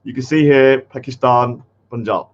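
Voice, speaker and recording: A man's voice: mid-range voice, steady tone, normal speed, lo-fi sound. A man hosting a casual livestream, rambling with lots of fillers and getting easily annoyed. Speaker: host.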